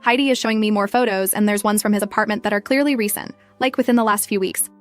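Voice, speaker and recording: A young woman narrating a scripted first-person story in a brisk, dramatic way. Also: medium pitch, steady tone, soft background music.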